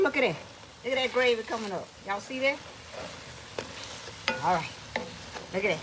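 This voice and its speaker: A woman's voice: fairly high pitch, sing-song, normal speed, pauses often, fairly bright tone, a little hiss or hum, poor audio. A woman with a Louisiana Cajun accent hosting a casual home cooking vlog, chatty and folksy, always telling viewers to look. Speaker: cooking channel host. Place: home kitchen.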